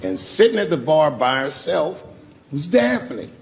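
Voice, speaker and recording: A man doing stand-up comedy, telling a long story and acting out the voices with big swings in pitch. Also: big pitch swings, measured pace, gravelly, slight background noise. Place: comedy club stage. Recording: live club with long reverb and faint ambience.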